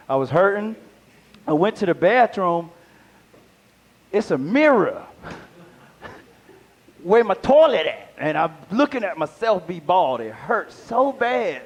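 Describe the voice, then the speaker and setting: Man, high-pitched, stand-up comedian, chatty with the audience, live venue. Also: measured pace, pauses often. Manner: animated crowd work, talks to audience.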